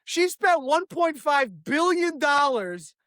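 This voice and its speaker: A woman hosting a comedy show, chatting in an animated, jokey way. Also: sits high, dry recording. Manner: animated, jokey, quick to slip into voices. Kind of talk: casual comedic chat.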